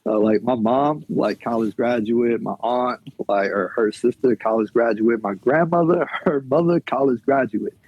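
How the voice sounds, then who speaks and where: A man who is a guest on a podcast, talking in a relaxed, casual way, often laughing and using "like" and "you know.". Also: medium pitch, normal speed, hardly any pauses, no echo, lo-fi sound.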